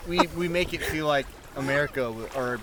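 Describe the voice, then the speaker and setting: A man chatting in a halting, offhand way with friends outdoors. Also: mid-range voice, crowd noise. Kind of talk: casual chat.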